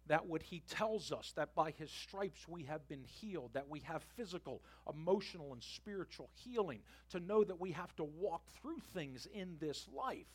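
A middle-aged man preaching a sermon in a church, talking conversationally and making asides to the congregation. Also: on the high side. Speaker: pastor. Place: church sanctuary.

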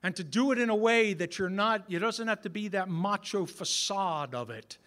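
A man's voice: sits high, moderate pace, fairly bright tone. A man in his sixties preaching a sermon in a conversational way, talking straight to the men in the room with some self-mocking humor. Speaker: pastor.

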